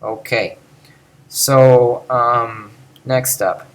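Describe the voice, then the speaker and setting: A man's voice: medium pitch, fairly even intonation, extremely slow, smooth. A man giving an informal video lecture on Ancient Greek, thinking aloud and demonstrating pronunciations.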